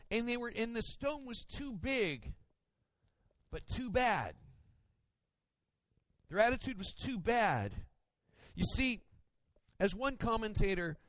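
A male pastor preaches with a high, very lively voice that leaps up and drops low. He tells stories with playful mimicry. The sound is close and dry. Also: slow pace, long pauses, dry recording. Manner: animated storytelling with playful mimicry. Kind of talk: sermon.

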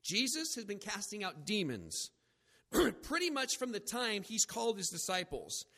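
A man with a high voice preaches a sermon. He is animated, acts out the people he quotes and cracks jokes at his own expense. His voice rings with the long reverb of a church hall. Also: normal speed. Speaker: pastor.

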